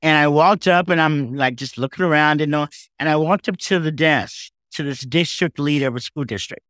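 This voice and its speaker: Podcast guest, male, slightly higher register, emotional storyteller, close dry mic. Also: moderate pace, no room sound. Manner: heartfelt, animated, says "man" and "okay?" often.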